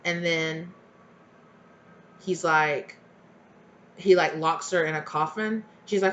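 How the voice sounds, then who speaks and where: A woman's voice: sits low, slow pace, long pauses, a bit bright, muffled recording. A woman giving a casual tarot reading to her viewers, chatty and blunt, swearing freely and rambling as she goes. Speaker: tarot reader.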